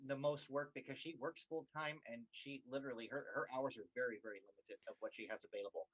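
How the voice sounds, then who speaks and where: A man co-hosting a karaoke livestream who speaks in a gushing, repetitive way. His voice is of middle pitch, with an ordinary, unforced tone. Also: fairly even intonation, quick pace, husky, muffled recording. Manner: gushing and warm-hearted, with repeated words. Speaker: co-host of an online karaoke show. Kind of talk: casual livestream chat.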